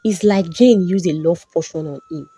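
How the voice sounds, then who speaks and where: A woman doing a calm, loyal friend. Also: on the high side, normal speed, husky, dry recording, soft background music.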